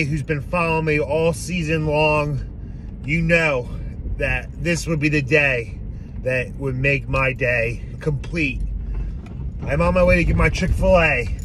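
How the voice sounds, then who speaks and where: A man delivers an angry, profanity-laden fan rant into his phone from inside a car. His voice is bright and forceful and a bit high for a man, and he drags the words out slowly. Faint car noise hums behind him. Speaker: sports fan vlogger. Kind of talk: ranting fan vlog.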